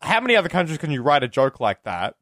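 A man co-hosting a film podcast, excitable and chatty, thinking aloud and laughing often. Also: a little high, fast talker, no echo, clean studio sound. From Australia. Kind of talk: casual chat.

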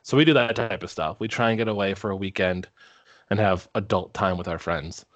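A man's voice: deep voice, brisk, fairly bright tone, no room sound. A man from Minnesota co-hosting a podcast, telling everyday stories in an easygoing, casual way. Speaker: podcast co-host. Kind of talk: casual chat.

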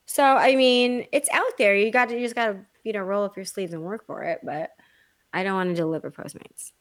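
A woman co-hosting a casual chat, telling stories in an animated, dramatic way with blunt asides and swearing. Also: mid-range voice, fairly quick.

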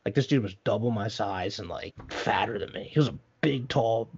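A man's voice: lowish voice, moderate pace, creaky, husky, muffled recording. A young man telling a long story in casual chat, rambling and profane, full of fillers.

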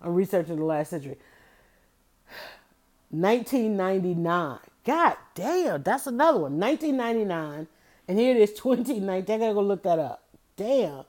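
A woman's voice: mid-range voice, lively intonation, brisk, pauses often, a little mellow. A middle-aged woman hosting a podcast, talking in an emphatic, repetitive style and calling her listeners y'all. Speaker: podcast host. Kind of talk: motivational podcast monologue.

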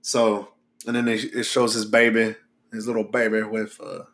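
A man's voice: on the low side, little pitch movement, moderate pace, a bit bright. A man co-hosting a podcast, chatting casually with lots of fillers and swearing. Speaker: podcast co-host. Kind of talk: casual chat.

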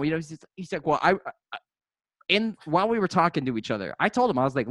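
A man with a high-pitched voice tells a rambling, profane story as a casual podcast host. He is recorded dry and close, with no room sound. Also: big pitch swings, quick pace, pauses often, fairly bright tone, no room sound.

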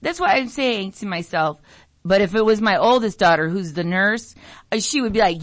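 A woman's voice: moderate pace, dry recording. A middle-aged American woman hosting a talk radio show, rambling through a story, mimicking family members, and sniffling from allergies. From United States. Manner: animated storytelling, mimics family voices, jumps pitch for emphasis. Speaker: radio show host, nurse.

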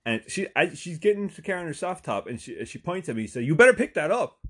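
A man's voice: fairly high pitch, expressive, fast talker, slightly rough. A man with an Irish accent, hosting a podcast and telling a profane comic story in a chatty way, full of "right?" asides and sudden bursts of emphasis. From Ireland. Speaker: podcast host.

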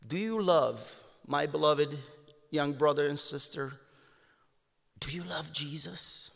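A man with a Romanian accent preaching a sermon to his congregation, impassioned, calling them "my beloved" and swinging between hushed tones and raised exclamations. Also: fairly high pitch, slow, gravelly. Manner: impassioned, addresses listeners as "my beloved". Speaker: pastor. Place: church sanctuary. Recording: long church hall reverb.

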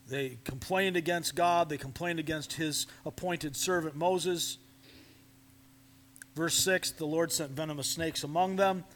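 Male pastor, unhurried earnest sermon delivery, sits a bit high, drops to near-whispers. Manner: slow, earnest preaching, dropping to near-whispers. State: coughing, fighting a sore throat.

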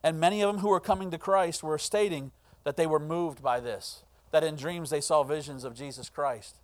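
A man's voice: fairly high pitch, moderate pace. Impassioned male pastor preaching. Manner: impassioned preaching, swinging from hushed to loud. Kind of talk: sermon.

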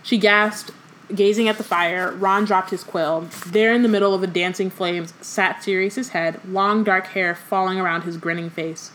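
A woman's voice: mid-range voice, fairly even intonation, moderate pace, a bit bright, slight background noise, rough recording. A woman co-host reading a novel aloud and discussing it, blunt and swearing casually. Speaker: podcast co-host.

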